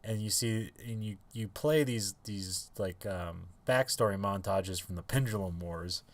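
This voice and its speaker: A man's voice: lowish voice, a little slow. A man co-hosting a podcast in casual chat, rambling with many fillers and restarts and laughing often. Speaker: podcast co-host.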